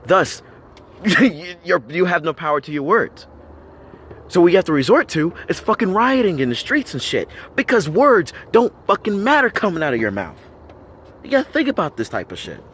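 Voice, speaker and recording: A man's voice: sits high, sing-song, moderate pace, fairly bright tone, slight background noise. An American man giving a blunt, heavily profane rant to camera, firing off rhetorical questions and repeating himself for emphasis. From United States. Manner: blunt, swears constantly, argumentative. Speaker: vlogger.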